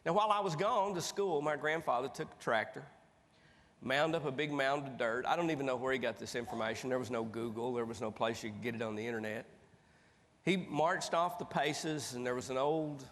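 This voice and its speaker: Male motivational speaker, animated folksy storyteller, onstage in a big reverberant hall. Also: mid-range voice, moderate pace. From East Tennessee. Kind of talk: storytelling keynote speech. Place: large conference hall stage.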